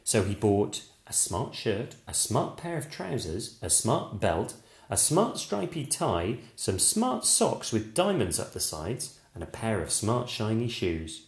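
A man reading a children's picture book aloud, with slow, expressive storytelling. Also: on the low side, gravelly. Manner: slow, lively expressive narration. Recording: echoey room.

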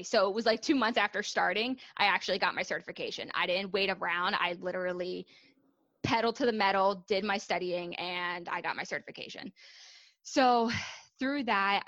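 A young adult woman speaks as a guest on a casual podcast, candid and chatty, her talk full of ums and likes. Her voice is bright and a little forceful. The sound is dry and close. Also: mid-range voice, normal speed, no echo. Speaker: guest, fitness coach.

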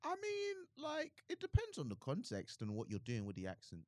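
A young man, chatting casually on a podcast, animated and quick to argue. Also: on the high side, no echo, clean studio sound. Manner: animated, argumentative, laughs easily. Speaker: podcast co-host. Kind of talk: casual chat.

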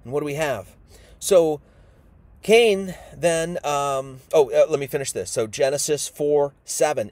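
A man's voice: on the high side, lively intonation, unhurried, darkish tone, no room sound. A man giving an informal Bible sermon, casual and emphatic, acting out the people he quotes. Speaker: preacher.

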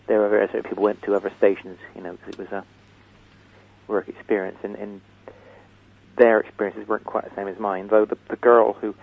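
Low man on a tinny phone line. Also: creaky, no echo. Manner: hesitant, with many ums and chuckles. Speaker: interview guest, writer of the comedy. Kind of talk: radio interview.

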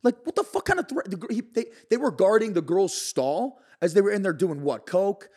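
A man telling a wild story as a podcast guest, his voice sitting a little higher than most men's. He talks in an animated, excitable rush, swearing constantly and tossing in "bro" and "like" all the way through. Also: brisk, husky. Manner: excitable, profane, peppered with "bro" and "like".

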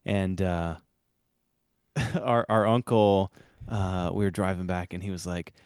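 A man with a fairly low voice, co-hosting a podcast in easy, casual chat. He rambles through his stories with plenty of fillers and restarts. The sound is close and dry. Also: fairly even intonation, slow pace, darkish tone, smooth, no echo. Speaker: podcast co-host.

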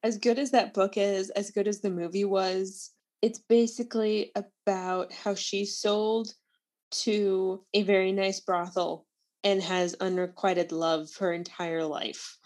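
A relaxed woman chats candidly about books on a podcast. She talks slowly and unhurriedly. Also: medium pitch. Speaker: podcast co-host. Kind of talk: casual book chat.

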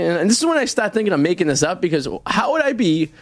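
A man from Revere, co-hosting a studio radio show and telling a long, rambling road-trip story with halting restarts. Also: sits high, very animated, dry recording. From Revere, Massachusetts. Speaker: co-host. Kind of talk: casual studio radio chat.

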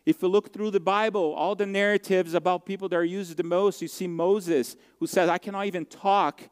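A male pastor delivers a sermon in a slightly raised, smooth and resonant voice. He speaks earnestly, often circling back and restarting his sentences. His words ring out with a long reverb in a large hall. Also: high-pitched, fairly even intonation. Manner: earnest, heartfelt storytelling with halting restarts.

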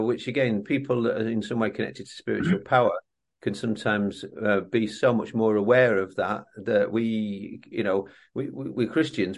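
A man with a low voice hosts an interview. He muses aloud in loose sentences, full of fillers, before he gets to his question. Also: a little mellow. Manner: musing, loose phrasing with many fillers. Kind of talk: interview chat.

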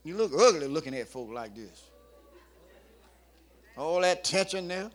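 A man preaching a sermon in a humorous, playful way, coaxing the congregation and building up to shouts at his peaks. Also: on the high side, lively intonation, a little slow. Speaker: pastor.

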